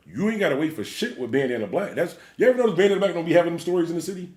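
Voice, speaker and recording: Male DJ, livestream rant, blunt and profane, rapid delivery, echoey room. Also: a little high, animated, darkish tone. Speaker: DJ and livestream host. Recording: roomy echo.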